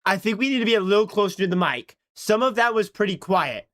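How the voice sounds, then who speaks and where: A man's voice: sits high, lively intonation, quick pace, fairly bright tone. A man streaming casually, flustered and self-mocking as he talks through his voice attempts aloud. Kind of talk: casual livestream chat.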